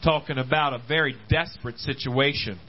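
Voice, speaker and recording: A pastor preaches a sermon during a church service, his steady-toned voice moving briskly on dull audio. He swings from loud, rising exhortation to quiet, low asides, repeating words, restarting phrases and dropping in frequent amens.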